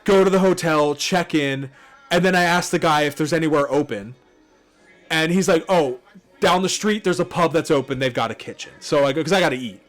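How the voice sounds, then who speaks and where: Casting: man, slightly high-pitched, casual podcast co-host, swears freely, storyteller. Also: a little fast, soft background music. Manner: profane, storytelling, laughs often. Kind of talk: casual movie watchalong chat.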